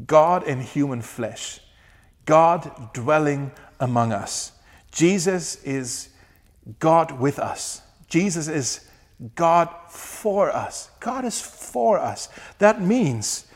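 A man delivers a sermon with an earnest, conversational warmth, stretching key words slowly and breaking into light laughter. His voice sits a little higher than most men's. The sound carries a long reverb, as in a large church hall. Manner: earnest, varies pace for emphasis, laughs often. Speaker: pastor.

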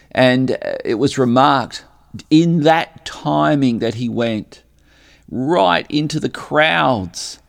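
Guy preaching a sermon real slow, steady mid voice, gets emphatic on quotes. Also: mid-range voice. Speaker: pastor.

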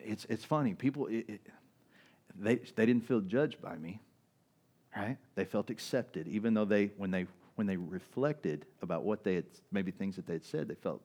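A man preaching a sermon as pastor, in a conversational style with frequent "right?" asides, moving between loud, raised passages and quiet, low stretches. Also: moderate pace, husky.

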